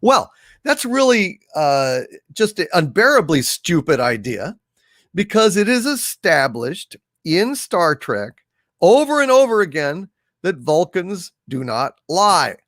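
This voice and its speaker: A man's voice: sits high, sing-song, slow pace, a bit bright, no echo, studio quality. A man co-hosting a live pop culture show, ranting emphatically and restarting his sentences. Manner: indignant, emphatic, restarts often. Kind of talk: casual live-stream commentary.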